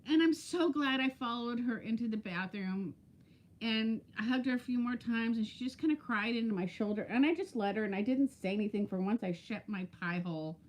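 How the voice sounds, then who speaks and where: A woman's voice: fairly high pitch, fairly quick. A woman in her fifties chatting casually on a live stream, telling stories and greeting viewers by name. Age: 50s. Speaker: weight-loss vlogger.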